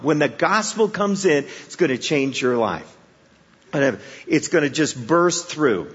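A guest preacher from the Chicago area delivers a sermon full of storytelling, speaking conversationally and with humor while asking the audience rhetorical questions. His voice is a little high, fairly bright and husky. The recording comes from an echoey hall and sounds dull.

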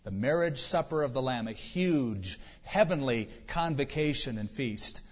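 Preaching conversationally, a male pastor asks rhetorical questions and cracks dry jokes. He sounds husky and mid-pitched, animated but a little slow. The lo-fi, dull recording has the long reverb of a large hall.

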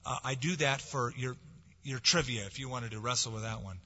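A man preaching a sermon, swinging from forceful, dramatic lines to soft, hushed ones. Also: medium pitch, fairly even intonation, fairly quick. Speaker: pastor. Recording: dull lo-fi sound with long hall reverb.

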